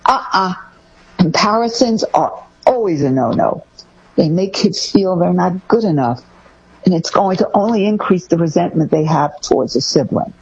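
A woman co-hosting a talk show, giving casual parenting advice in a lively way, acting out what parents say to their kids. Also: normal speed, slightly rough, lo-fi sound. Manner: lively, acts out parent phrases in a higher voice. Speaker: parenting podcast co-host.

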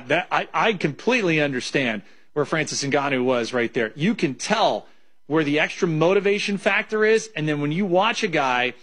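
A man who once pitched in baseball, now a betting analyst, who thinks aloud in a measured way on a talk show. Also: fairly bright tone. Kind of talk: casual sports talk.

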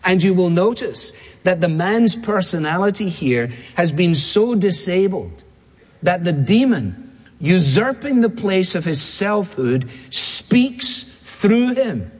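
A man preaching a sermon, emphatic, repeating key phrases and slowing down to stress words. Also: sits high, animated, husky. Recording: long hall reverb.

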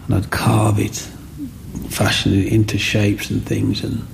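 A man's voice: on the low side, monotone, measured pace, noisy background. A middle-aged man, telling his life story as an interview guest, earnest and repetitive. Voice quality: gravelly. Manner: earnest, repeats words, acts out quotes.

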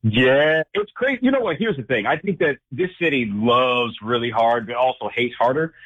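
A man calling in as a guest on a sports talk show, his voice coming through a thin, tinny phone line. He talks with lots of emphasis and swings widely up and down in pitch, with a slightly husky edge. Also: normal speed. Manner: emphatic, animated storytelling. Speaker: sports director and anchor, guest. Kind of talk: casual phone-in sports chat.

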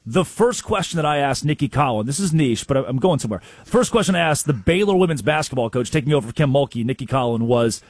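A man co-hosting a sports talk show, telling stories with excitement and acting out what coaches said. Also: mid-range voice, quick pace, hardly any pauses, no echo. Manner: excitable storyteller, acts out quotes, exclaims.

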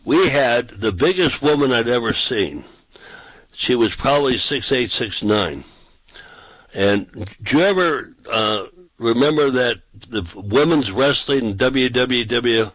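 A man's voice: mid-range voice, lively intonation, a little slow, a bit bright, dry recording, low-quality recording. Older male preacher, folksy rambling storyteller, dry close sound. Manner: folksy, rambling anecdotes with quoted dialogue. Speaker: street preacher. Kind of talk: casual storytelling chat.

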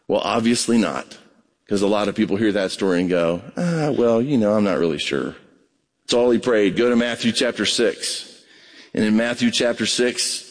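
A man preaching a sermon as pastor, conversational and animated, acting out prayers and voices. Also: mid-range voice. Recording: long reverb of a large hall.

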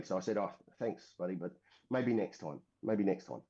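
Speaking at a moderate pace, an Australian ex-serviceman from Western Australia casually narrates a long story in an interview, wandering off track and restarting often with many fillers. His voice is fairly low, warm and expressive, and the audio is dull and lo-fi.

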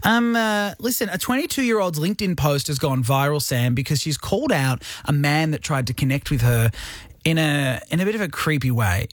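A man's voice: on the high side, expressive, normal speed, no room sound, clean studio sound. A young Australian man co-hosting an afternoon radio show, chatting and teasing callers in jokey banter. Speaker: radio host. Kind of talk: casual radio chat. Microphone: studio microphone.

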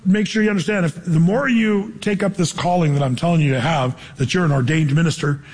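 A man preaching a sermon, animated, acting out quoted people in high, playful voices. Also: a little fast, slightly rough, big-room sound. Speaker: pastor.

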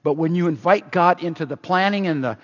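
A man preaching a sermon in an energetic, emphatic way, moving between loud stresses and quiet asides. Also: fairly high pitch, fairly quick. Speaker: pastor. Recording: dull, echoing hall sound.

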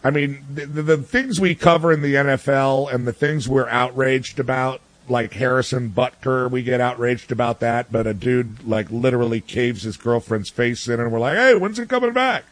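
Man, mid pitch, blunt sports pundit who rants and restarts often; dry, close recording. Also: little pitch movement, normal speed, few pauses, no room sound. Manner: blunt, ranting, many restarts and fillers. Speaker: sports commentator guest. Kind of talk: casual opinion talk.

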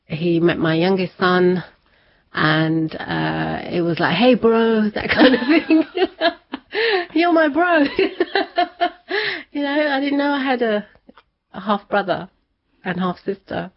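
Woman telling her story, laughs a lot, kinda low voice, muffled lo-fi sound. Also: slow, creaky. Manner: chatty, laughs often, acts out quoted voices. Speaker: interview guest. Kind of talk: personal storytelling in conversation. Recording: dull lo-fi sound.

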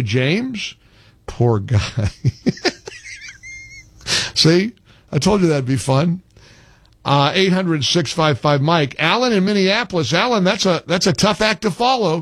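A man's voice: high-pitched, sing-song, normal speed, dry recording. An older man hosting a call-in radio talk show, joking and exasperated, talking with callers.

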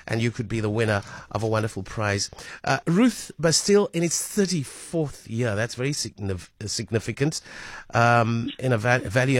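A male radio host chats through a show segment, talking loosely with many fillers and restarts. His voice sits at an ordinary middle pitch. It is recorded close and dry in a studio. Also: no room sound. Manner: chatty, with frequent fillers and restarts. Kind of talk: radio talk show hosting.

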